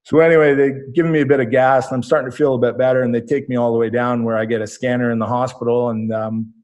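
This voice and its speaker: A man in a casual podcast chat, spinning a long anecdote in a plain, mid-pitched voice. He rambles and restarts, dotting his talk with ums, like a former athlete recounting an old mishap. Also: flat delivery, quick pace, a little mellow, highs cut off. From Canada. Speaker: guest, former rugby player. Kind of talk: casual storytelling.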